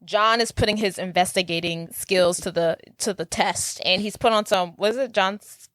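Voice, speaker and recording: A woman co-hosting a podcast who narrates a movie's plot at a steady pace and chimes in with short agreements. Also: mid-range voice, moderate pace, no echo. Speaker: podcast co-host. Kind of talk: casual movie recap chat.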